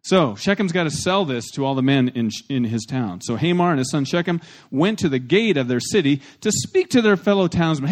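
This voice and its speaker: A man preaching a sermon in a fairly high voice. He swings between loud, emphatic lines and soft asides. He talks plainly and bluntly and gets the congregation to repeat phrases after him. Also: expressive, brisk, few pauses. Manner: plain-spoken, with blunt humor. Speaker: pastor.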